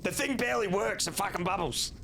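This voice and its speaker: A man's voice: high-pitched, brisk, gravelly. A young Australian man chatting casually to his stream chat, rambling and swearing freely. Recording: steady background noise.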